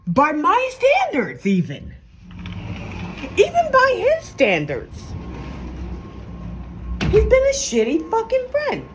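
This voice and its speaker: A woman's voice: huge pitch swings, slow, long pauses, a little hiss or hum. A woman venting in a heated, profane, emphatic monologue to her viewers. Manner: heated, profane and emphatic, with sudden pitch swings. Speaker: vlogger.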